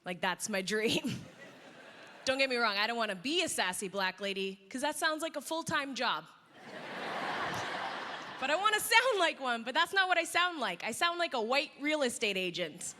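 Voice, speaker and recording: High-voiced woman doing chatty stand-up. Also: very animated, normal speed, big-room sound. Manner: self-deprecating, chatty, lots of "like" and "guys". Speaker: stand-up comedian. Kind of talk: stand-up comedy set. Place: live comedy festival stage with audience. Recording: live show with loud crowd noise.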